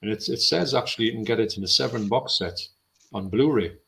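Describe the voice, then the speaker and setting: A man with a low voice, co-hosting a casual film chat live stream and reading out viewer comments. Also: fast, gravelly, a bit bright, slight background noise. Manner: chatty, reads out viewer comments.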